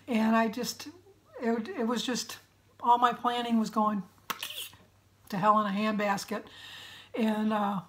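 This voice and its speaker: A middle-aged woman from Michigan chatting in a casual vlog, her voice raspy and congested, clearing her throat often and apologizing as she rambles. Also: on the high side, little pitch movement, measured pace, long pauses. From Michigan, USA. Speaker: vlogger. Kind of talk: casual weight-loss update vlog.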